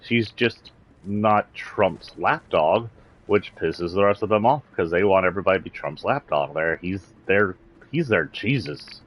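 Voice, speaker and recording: A streamer from San Antonio, Texas, with a slight Southern accent, delivers a blunt, indignant political rant on a livestream. His low voice is animated and slightly rough at a measured pace, and the recording is rough.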